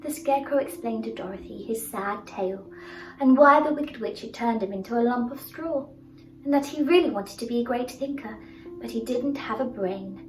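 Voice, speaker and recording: Woman storyteller, high voice, expressive and sing-song, echoey room, off-mic, soft music behind. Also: moderate pace, recorded from a distance. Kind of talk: children's storybook narration. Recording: roomy sound from off-mic, faint music.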